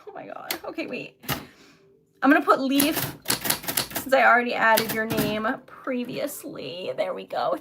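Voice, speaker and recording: A young woman hosting a casual livestream, chatty and giggly, sometimes dropping into soft whispers as she reads comments. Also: a little high, lively intonation, unhurried, noisy background. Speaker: livestream host selling typewritten poetry.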